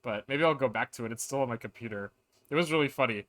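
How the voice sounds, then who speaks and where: A man's voice: mid-range voice, quick pace, fairly bright tone. A man chatting casually while streaming a game, rambling with lots of restarts and filler words. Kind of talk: casual live-stream chat. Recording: game music playing behind.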